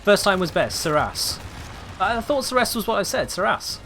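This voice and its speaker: Very animated, with a voice that sits high and a normal speed, a man chats with viewers while streaming a game live. He thinks out loud and repeatedly asks them how a name is pronounced, over loud game music.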